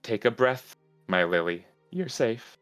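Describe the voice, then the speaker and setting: A man voicing a calm, soft-spoken young man who speaks quietly, gently and formally. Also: medium pitch, measured pace, soft background music. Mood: soothing.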